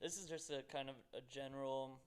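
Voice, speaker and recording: A man's voice: medium pitch, steady tone, a little fast, background noise. A man co-hosting a podcast who rambles in a giggly, hesitant way, with lots of fillers. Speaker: podcast co-host. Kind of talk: casual comedy chat.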